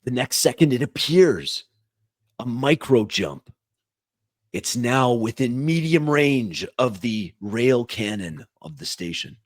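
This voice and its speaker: A man narrating as game master of a science fiction tabletop game, describing events in a measured way. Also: medium pitch, big pitch swings, no echo.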